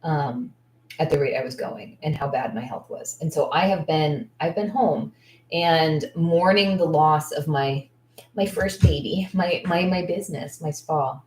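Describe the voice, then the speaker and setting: In an echoey room, with the microphone placed well away and a slight background noise, a thirty-something woman coaching on business talks unhurriedly in a low register. Her casual Q&A answers wander as she thinks aloud, full of fillers, and she sounds sincere and open.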